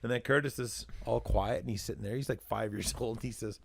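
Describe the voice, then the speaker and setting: A man's voice: mid-range voice, fairly even intonation, brisk, creaky, slightly rough, no echo. A man on a casual podcast, joking around with crude wisecracks. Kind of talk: casual chat.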